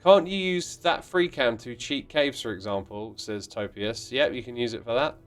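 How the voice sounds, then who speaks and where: Playing a block-building game on a livestream, a man reads out viewer messages with playful mock indignation and sudden exclamations during casual chat. He speaks at a medium pitch and moderate pace over soft background music.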